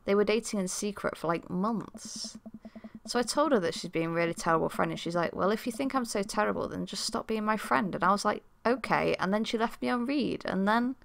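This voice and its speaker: Woman doing a bummed out teen girl spilling drama to her dad, kinda gravelly, rambly. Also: mid-range voice, lightly acted. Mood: indignant. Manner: rambling, hurt and rushed. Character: sad teenage girl confiding in her dad.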